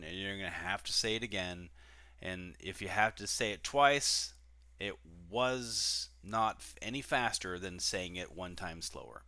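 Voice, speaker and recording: Deep-voiced guy lecturing a flight class online, punchy bright tone, lots of uh and restarts. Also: no echo. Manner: casual, explanatory, with many fillers and restarts. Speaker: flight instructor.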